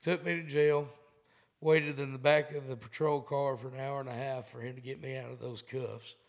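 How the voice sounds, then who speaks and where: A man's voice: mid-range voice, little pitch movement, moderate pace, vocal fry. A man telling a rambling story in a loose, swearing, laid-back way. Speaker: comedian guest. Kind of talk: casual storytelling.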